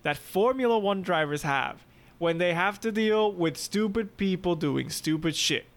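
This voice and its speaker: A man co-hosting a podcast, chatting casually with friends and telling animated, joking stories. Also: high-pitched, a little slow. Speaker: podcast co-host. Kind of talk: casual chat among friends.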